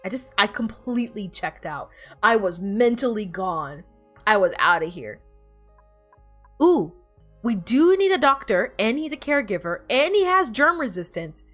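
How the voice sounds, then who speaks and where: A woman's voice: mid-range voice, big pitch swings, unhurried, a bit bright, soft background music. A woman streamer chatting casually while playing, rambling and bossing her game characters around. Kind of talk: casual gameplay chat.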